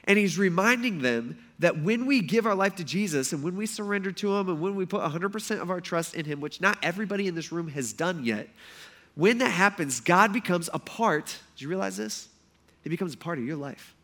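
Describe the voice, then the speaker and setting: A man preaching a sermon in a casual, animated way, acting out quotes loudly before a congregation. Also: sits high, a little fast. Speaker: pastor. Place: church hall before a congregation.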